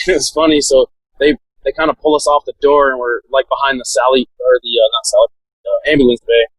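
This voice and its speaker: A man's voice: mid-range voice, flat delivery, fairly quick, breathy edge, no room sound, low-quality recording. A man telling a story in a casual, laid-back way, full of "like" fillers and laughing now and then. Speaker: podcast guest, SWAT officer.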